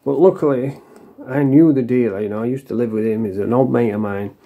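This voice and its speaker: A man's voice: mid-range voice, a little fast, phone-quality sound. Blunt, sweary man. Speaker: vlogger. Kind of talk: casual storytelling monologue.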